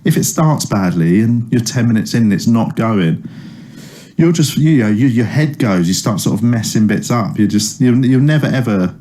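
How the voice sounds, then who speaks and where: A man's voice: mid-range voice, expressive, normal speed, warm tone. A comedian in his thirties, a man chatting casually in an interview, telling stories with lots of fillers and restarts. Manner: rambling storyteller with many fillers and restarts. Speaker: comedian guest. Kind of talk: casual anecdotal chat.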